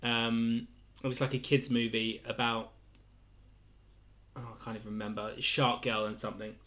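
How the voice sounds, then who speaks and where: A man's voice: mid-range voice, level tone, normal speed, fairly bright tone. A young man casually hosting a weekly livestream quiz, rambling between questions and chuckling often. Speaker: quiz host.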